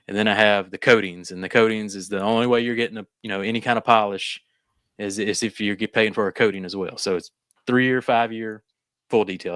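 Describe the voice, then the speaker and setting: Male co-host, low voice, easygoing rambling talk, dry close mic. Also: fairly bright tone, dry recording. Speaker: podcast co-host, detailer. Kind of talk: casual chat.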